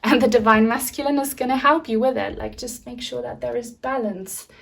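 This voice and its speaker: A woman's voice: a little high, steady tone, a little fast, gravelly. A woman giving a pick-a-card tarot reading in a soothing, reassuring spiritual tone. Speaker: tarot reader.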